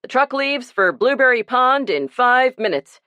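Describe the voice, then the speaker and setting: A woman voicing a relaxed, agreeable family father. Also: sits high, unhurried, clean tone, dry recording, pitched above the performer's own voice, heavily acted.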